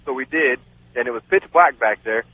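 A man's voice: medium pitch, fairly quick, no echo. Rambling man telling a spooky story. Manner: rambling, laughs often, many "you know"s. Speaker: radio guest. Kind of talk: casual storytelling. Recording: dry, phone-like radio sound.

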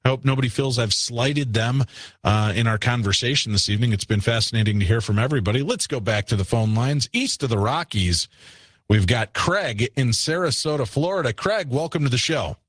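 A man hosting a late-night call-in radio show, talking in a measured, patient way with frequent fillers. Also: medium pitch, animated, a bit bright, no room sound. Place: radio studio. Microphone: studio microphone.

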